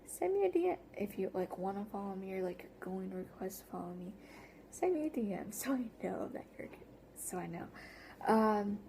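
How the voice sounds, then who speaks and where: A woman's voice: medium pitch, very animated, normal speed, vocal fry, mellow, slight background noise. A teenage girl telling a story on her vlog in a rambling way, with lots of fillers, often dropping to a whisper. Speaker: vlogger. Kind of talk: casual story-time vlog.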